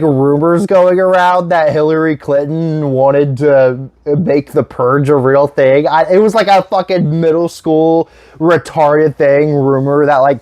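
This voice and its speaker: A man's voice: fairly high pitch, a little mellow, dry recording. A man in his twenties rambling casually through a movie vlog, swearing often and breaking into laughter. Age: 20s. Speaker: YouTube host.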